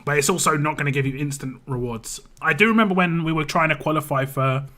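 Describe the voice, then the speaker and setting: A man's voice: on the high side, fast talker, fairly bright tone. Rambling British man streaming live. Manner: rambling, repeats words, reads chat aloud. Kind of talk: casual live-stream chat.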